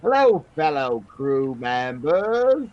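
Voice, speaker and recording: A cheery, bluff sailor, as a man puts him on, speaks in an overdone Cockney accent. He sits high in his voice and drags every word out slowly. His greetings stretch long and loud. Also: big pitch swings, lo-fi sound. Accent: put-on Cockney.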